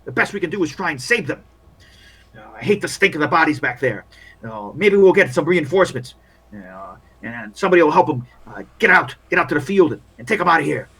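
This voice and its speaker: A man's voice: on the high side, very animated, brisk, pushed and bright, breathy edge, exaggerated voice. A man voicing a weary, bitter male army officer at a field hospital, who grumbles and then bursts out in complaints. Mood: exasperated. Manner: bitter, complaining, with rising outbursts.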